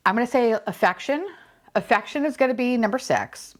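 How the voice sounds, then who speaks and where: Young adult woman, excitable unboxing host, cusses casually, voice swings high and low a lot. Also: a little fast. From Florida. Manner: gushing, excitable, swears freely, sudden squeals. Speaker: unboxing vlogger.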